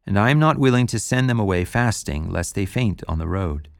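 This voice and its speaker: A man's voice: on the low side, expressive, a little fast, creaky, no echo, studio quality. A man reading scripture aloud, voicing the words of a male teacher who rebukes and consoles with authority. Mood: solemn.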